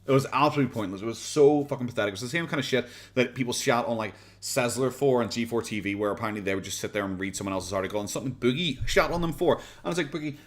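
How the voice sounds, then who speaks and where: An Irish man chatting on a live stream about other video makers. He is sarcastic, swears freely and laughs often, and his voice sits at an average pitch. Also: very fast, few pauses. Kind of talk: casual commentary.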